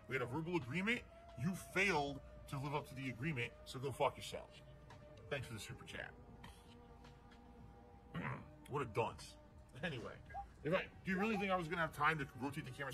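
A man live-streaming from his home room, ranting bluntly and profanely at a viewer. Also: fairly high pitch. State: out of breath. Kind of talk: casual live-stream chat. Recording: music playing under the voice.

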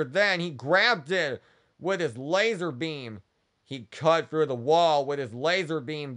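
A man retelling a cartoon story for kids as a channel host, stringing events together with "and then" in a halting way. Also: a little high, fairly bright tone, smooth.

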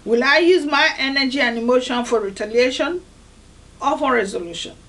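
A woman from Nigeria speaks with a high voice. She hosts a devotional video series in an earnest, emphatic way. She leans on repeated phrases for stress. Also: a little fast, fairly bright tone, a little hiss or hum, low-quality recording. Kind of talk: motivational devotional talk.

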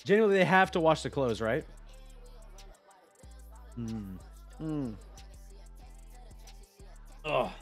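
A young man chatting on a live stream, rambling excitedly, swearing and talking to his chat. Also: a little high, slow, pauses often, soft background music.

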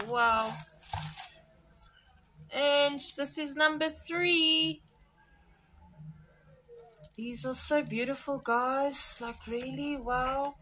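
A woman vlogging a craft subscription box unboxing, gushing with excitement and talking straight to her viewers. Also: high voice, slight background noise, poor audio. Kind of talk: casual unboxing chat to viewers.

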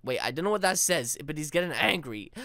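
A man's voice: a little high, lively intonation, fast talker. A man giving playful, dramatic and whiny commentary while playing a video game. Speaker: gaming YouTuber. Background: game music.

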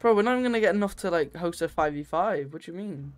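A man with a Scottish accent hosting game lobbies on a live stream, chatting casually in a laid-back way that trails off quietly. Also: high-pitched, lively intonation, quick pace, a little hiss or hum. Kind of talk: casual gaming banter.

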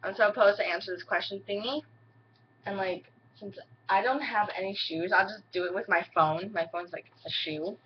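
A woman's voice: mid-range voice, normal speed. Chatty girl vlogging at home, says like a lot, kinda muffled lo-fi sound w faint hiss. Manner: rambling, giggly, heavy use of "like". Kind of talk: casual chat to camera.

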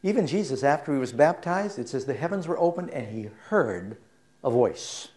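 A middle-aged man preaching a sermon, telling stories and putting questions to his listeners, going soft and low in the sad parts. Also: very animated, moderate pace. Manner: storytelling, asks the audience questions, drops soft for sad parts.

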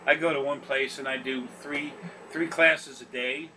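A man's voice: mid-range voice, steady tone, unhurried, sharp tone. A man telling rambling, profane anecdotes on a recorded consultation, laughing often and acting out the people he quotes. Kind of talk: casual storytelling on a recorded consultation. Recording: distant mic with faint background noise.

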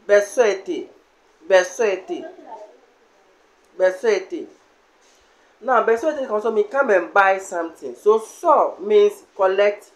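Man, language teacher, unhurried, drills each word by repeating it. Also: high voice. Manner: repeats each word slowly several times. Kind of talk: slow language lesson with repeated words.

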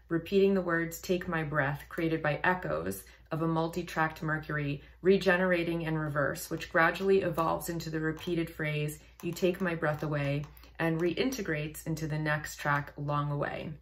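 A woman with a low speaking voice talks through a song as a vocal coach. Her commentary is casual and thoughtful. She reads text aloud at an easy pace and laughs often.

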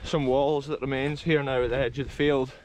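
A man's voice: mid-range voice, little pitch movement, brisk, darkish tone, rough recording. A man with a Scottish accent narrating a casual walking vlog on a windy rural hillside, enthusiastic and often calling his viewers folks. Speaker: vlogger exploring abandoned places.

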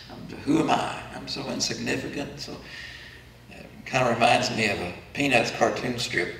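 A man's voice: mid-range voice, gravelly, sharp tone, a little hiss or hum. A man preaching an earnest sermon as pastor, voicing the questions of the faithful. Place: church sanctuary. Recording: echoey church room from far off.

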